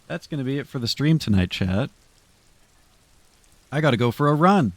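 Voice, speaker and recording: A man in the middle of a casual stream sign-off, rambling to his viewers and swearing freely. His voice sits at an ordinary middle pitch. It comes across dry and close on a streaming mic. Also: animated, normal speed, no room sound. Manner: loose, rambling, swears freely, talks to chat.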